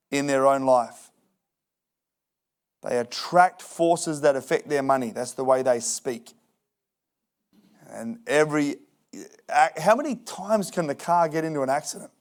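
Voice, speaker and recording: A man preaching a sermon in a church, joking and acting out people's excuses. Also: fairly high pitch. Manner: lively, jokey preaching with acted-out excuses. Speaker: pastor. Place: church hall.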